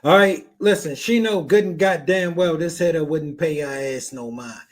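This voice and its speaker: High-voiced man giving blunt mocking commentary. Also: moderate pace. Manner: blunt, mocking, repeats himself. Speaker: reaction podcast host. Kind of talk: profane reaction commentary.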